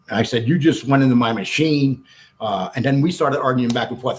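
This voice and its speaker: This is a man of middle pitch telling a story in an interview. He's blunt and animated, acts out other people's lines, and restarts his sentences often as he goes. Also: fast talker. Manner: animated storyteller acting out quotes, frequent restarts; blunt, swears freely. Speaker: guest.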